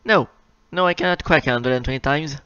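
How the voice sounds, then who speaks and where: A young man hosting a casual live question-and-answer stream. He reads viewers' questions out loud and answers them in a chatty, self-mocking way. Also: fairly high pitch, a little fast, clean tone, no room sound. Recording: slightly dull lo-fi mic, dry.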